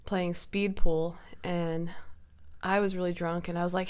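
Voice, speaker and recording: Animated woman telling a rowdy story. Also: on the low side, moderate pace, smooth. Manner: animated, profane storytelling with lively quoted voices. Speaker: storyteller on a podcast. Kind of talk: casual chat.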